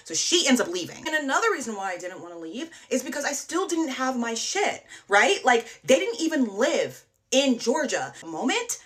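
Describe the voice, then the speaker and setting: Casual woman storyteller, rambling and animated, retelling a bad date. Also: mid-range voice, normal speed, hardly any pauses.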